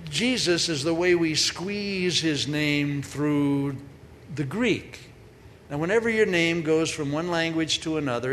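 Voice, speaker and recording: A woman giving a humorous sermon in a large hall, telling stories in a lively way and acting out the voices she quotes. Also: sits low. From grew up on a farm. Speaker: speaker, preacher. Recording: long hall reverb, faint noise.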